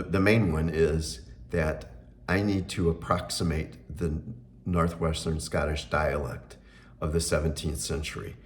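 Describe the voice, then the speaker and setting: A middle-aged man giving an earnest, unhurried spiritual talk, pausing often with fillers. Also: deep voice, a little hiss or hum.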